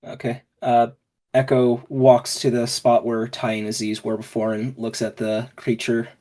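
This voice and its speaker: A man playing a tabletop game in halting, clipped grammar, referring to himself in the third person. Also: medium pitch, monotone, dark tone. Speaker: player.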